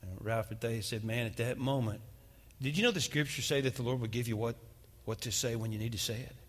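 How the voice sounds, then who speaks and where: Bright-voiced preacher in a reverberant hall. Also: male voice, medium pitch, fairly quick. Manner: dramatic storytelling, retelling a testimony. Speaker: pastor. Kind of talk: sermon. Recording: long reverb of a large hall.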